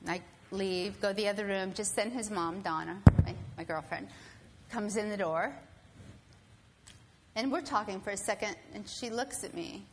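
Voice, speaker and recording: A woman telling a personal story to an audience, animated and acting out other people's voices. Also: medium pitch, moderate pace, a little hiss or hum. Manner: animated, acts out quoted voices. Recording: long hall reverb, faint ambience.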